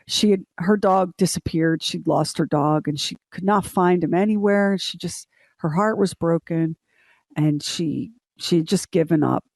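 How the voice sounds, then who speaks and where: A woman's voice: sits low, creaky, a little mellow, dry recording. A middle-aged woman co-hosting a morning show, telling a story in a casual, emotional way. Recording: dry studio sound.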